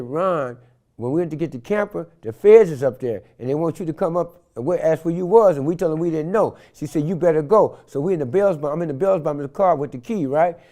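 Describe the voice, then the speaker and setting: An older man from San Francisco, telling stories in an interview with an animated, slangy manner and loud acted-out quotes. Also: a little high. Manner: animated, acts out quotes loudly, street slang. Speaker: interview guest. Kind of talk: storytelling in an interview.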